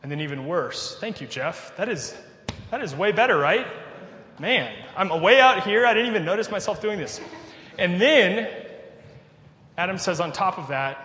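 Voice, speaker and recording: A man's voice: high-pitched, animated, normal speed, bright, forceful tone, slight background noise. Nasal man preaching in an echoey hall. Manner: conversational preaching with asides. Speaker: pastor. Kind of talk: sermon. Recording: echoey hall with long reverb.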